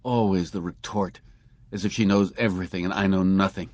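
A man's voice: sits low, fairly even intonation, brisk, darkish tone, muffled recording. A man voicing a resentful, sardonic male clerk in an audiobook reading. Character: bitter, frustrated male office clerk.

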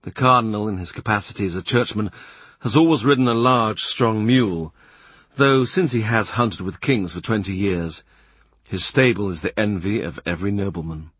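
Husky-voiced male audiobook narrator. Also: on the low side, moderate pace, a bit bright, no echo. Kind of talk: scripted literary narration.

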